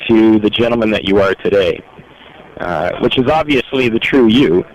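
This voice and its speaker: A male host asking a guest earnest, somewhat halting questions. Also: on the low side, animated, highs cut off. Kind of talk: interview questions.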